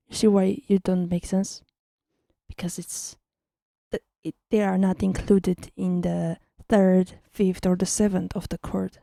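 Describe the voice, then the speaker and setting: A young woman walks viewers through music theory in a casual online lesson. Her voice sits low and dark with a gravelly edge, recorded dry and close. She chats and teases, often stopping to correct herself. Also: dry recording. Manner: chatty, teasing, self-correcting.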